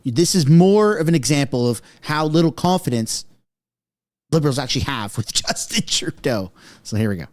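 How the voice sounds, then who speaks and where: A man's voice: on the high side, animated, normal speed, darkish tone, no room sound. A man hosting a casual online commentary show, chatty and mocking, talking straight to his viewers. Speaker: political commentary host.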